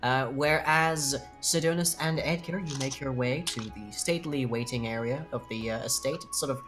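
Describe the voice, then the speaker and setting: A man narrating a tabletop game as game master, steady with filler words. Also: mid-range voice, normal speed, over music.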